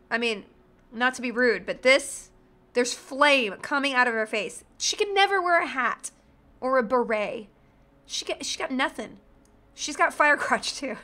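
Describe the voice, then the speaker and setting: Woman streamer, bright high voice, bubbly jokey live game chatter. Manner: bubbly, joking, irreverent. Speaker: streamer playing a role-playing game. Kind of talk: casual livestream commentary, reading chat.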